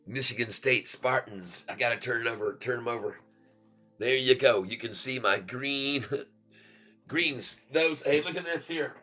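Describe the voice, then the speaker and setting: Goofy guy streaming his stock trades, bright sharp voice, drawls slow, laughs a lot. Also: medium pitch, soft background music. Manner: playful, laughs often, chants goofy rhymes. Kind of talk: casual live trading commentary.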